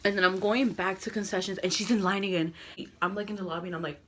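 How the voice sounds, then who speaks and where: A young woman telling a dramatic storytime vlog, animated and full of quoted voices. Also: mid-range voice, quick pace, slight background noise. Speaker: vlogger.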